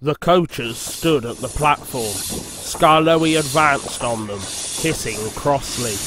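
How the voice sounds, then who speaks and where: A man narrating a storybook in a slow, measured reading. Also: medium pitch, noisy background. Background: background music.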